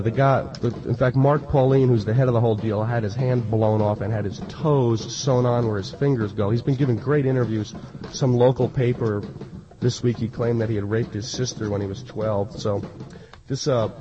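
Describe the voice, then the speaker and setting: A man's voice: medium pitch, mellow, slight background noise. A man working as a radio DJ, reading news and announcements with sardonic, rambling asides and filler words. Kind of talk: casual radio patter. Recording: distant, dull lo-fi radio recording.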